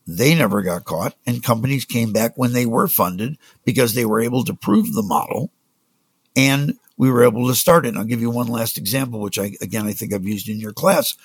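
Gravelly husky man telling industry stories. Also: medium pitch, fairly quick, dry recording. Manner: anecdotal, acts out quoted dialogue. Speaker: music industry executive, guest. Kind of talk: conversational storytelling.

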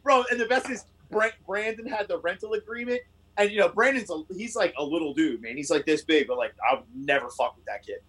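A man telling a story in casual chat, animated and swearing, acting out what people said. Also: brisk, breathy edge, poor audio. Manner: animated, swearing, acts out quotes with rising pitch.

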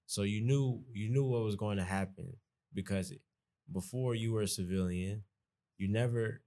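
A man's voice: on the low side, normal speed, warm tone. A young man with a Southern Georgia accent, talking casually as a podcast guest, rambling and restarting his sentences. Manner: rambling, restarts often, folksy. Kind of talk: casual conversation.

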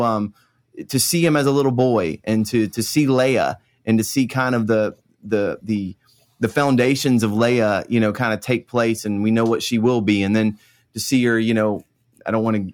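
A man hosting a podcast, chatting casually, sometimes stumbling before finding his sentence. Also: medium pitch. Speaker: podcast host. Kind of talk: casual chat.

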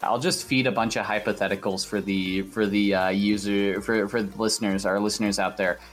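A man's voice: fairly low pitch, steady tone, fairly quick, faint music behind. A man hosting a casual podcast, rambling and repeating himself as he spins absurd made-up stories. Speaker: podcast host.

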